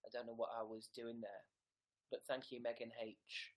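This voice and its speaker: A man's voice: medium pitch, steady tone, moderate pace, fairly bright tone. A young man, chatting casually and playfully on a livestream while reading viewer comments aloud. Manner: silly, playful. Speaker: livestream host.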